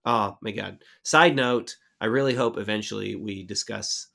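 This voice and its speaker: Young man co-host, low gravelly voice, loose and irreverent. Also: normal speed, a bit bright. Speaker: podcast co-host. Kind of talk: casual movie chat.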